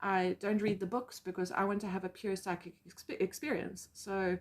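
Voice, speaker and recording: A woman with a South African accent telling personal stories as a psychic medium, animated and acting out quotes. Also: medium pitch, normal speed. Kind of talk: casual storytelling vlog.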